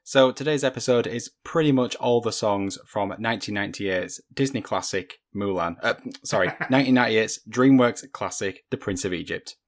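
A man's voice: on the low side, normal speed, hardly any pauses. A British man co-hosting a casual podcast, making dry, wry remarks. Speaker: podcast co-host.

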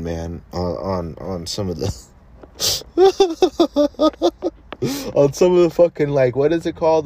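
A man's voice: deep voice, creaky, a little mellow, a little hiss or hum. A man hosting a podcast, rambling in a loose, profane, casual way. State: high. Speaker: podcast host.

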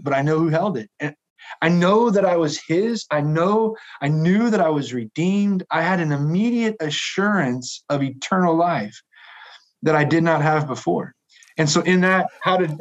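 Middle-aged male guest, earnest and halting, gives a personal testimony. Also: fairly high pitch. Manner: earnest, halting, many restarts.

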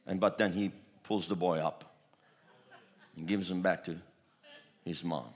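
Speaking in a low, steady voice at a measured pace with long pauses, the preacher delivers his charismatic sermon. His phrases come back again and again, he laughs frequently, and he bursts into tongues.

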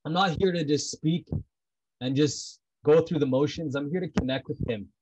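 A man's voice: on the high side, moderate pace, darkish tone, a little hiss or hum, rough recording. A man talking about prayer in a heartfelt, personal way. He is intense and blunt, repeats himself, and swears freely.

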